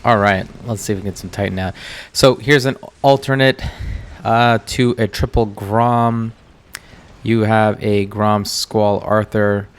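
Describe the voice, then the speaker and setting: A man's voice: lowish voice, steady tone, unhurried, clean tone. An American man commenting casually over his own gameplay as channel host, chatty and distracted, full of ums and uhs. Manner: chatty, distracted, filler-heavy.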